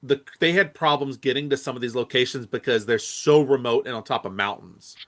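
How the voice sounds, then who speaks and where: Casual male podcast co-host, middle pitch, rambling, hesitant, full of fillers and restarts. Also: fairly quick, a bit bright. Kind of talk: casual movie chat.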